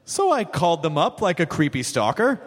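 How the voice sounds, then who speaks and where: A man hosting a live podcast interview, joking and sarcastic, quick to riff on what his guest says. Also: on the high side, sing-song. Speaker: host. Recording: live theater stage mic with hall reverb.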